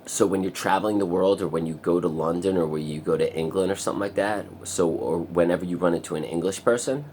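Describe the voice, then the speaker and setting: A man's voice: quick pace, slight background noise. A man talking in a rambling, profane casual monologue for his vlog. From United States. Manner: profane, rambling, breaks into loud high singing. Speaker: vlogger.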